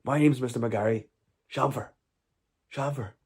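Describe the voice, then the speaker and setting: A man's voice: mid-range voice, a little slow, darkish tone, breathy edge. A man doing a sing-song Stranraer teacher. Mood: jokey. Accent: Stranraer, southwest Scotland. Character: man's old schoolteacher from Stranraer, hilarious.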